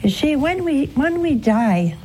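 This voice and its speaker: A woman hosting a call-in show as a nun, preaching in a slow, earnest manner. Her voice sits somewhat high and swoops upward on the words she stresses. She is heard in a studio. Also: very animated, mellow, a little hiss or hum, poor audio. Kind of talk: preaching and answering callers.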